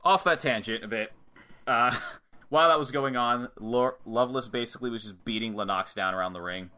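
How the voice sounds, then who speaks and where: A young man talks through a wrestling match on a podcast, laying out each move in a casual run and slipping into quick acted lines for the wrestlers. His voice is very bright and sharp-edged. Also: medium pitch, clean tone. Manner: animated play-by-play with acted-out quotes and swearing. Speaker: podcast co-host. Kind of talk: casual chat, match recap.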